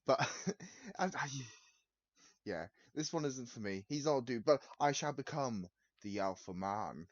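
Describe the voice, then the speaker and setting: A man's voice: medium pitch, lively intonation, unhurried, no echo, dull audio. A man, giving blunt, sarcastic commentary on a video, swearing and laughing often. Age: 20s. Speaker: reaction video host. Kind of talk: casual reaction commentary.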